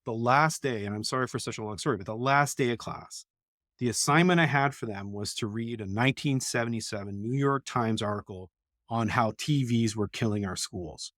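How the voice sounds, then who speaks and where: A man's voice: mid-range voice, a little fast, a bit bright, dry recording, studio quality. A middle-aged man, an education professor, talking bluntly and candidly as an interview guest, telling stories from his classes. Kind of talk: casual conversational interview.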